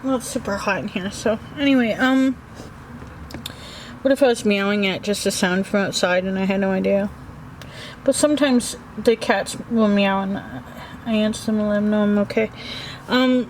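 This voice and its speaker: Grieving woman talking haltingly at home. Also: on the high side, a little hiss or hum, poor audio. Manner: halting, hesitant, many restarts and fillers. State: grieving, anxious. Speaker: vlogger. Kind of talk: personal vlog monologue. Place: small book nook indoors at home.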